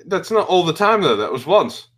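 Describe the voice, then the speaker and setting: A man co-hosting a casual online show, jumping into the talk with excitement. His voice is animated, with wide pitch swings. He cuts in eagerly on the other speakers. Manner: excitable, quick to interrupt. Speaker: co-host. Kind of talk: casual stream banter.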